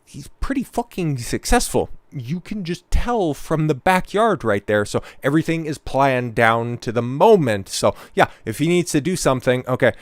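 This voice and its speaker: A man's voice: mid-range voice, big pitch swings, normal speed, hardly any pauses, no echo. A man hosting a live stream, giving casual, sarcastic, profane commentary on a clip.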